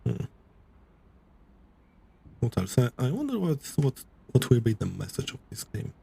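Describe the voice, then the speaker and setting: Male streamer, gravelly husky voice, rambling game chatter. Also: medium pitch, wildly swooping pitch, dark tone. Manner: rambling, halting restarts. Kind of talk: live game stream commentary.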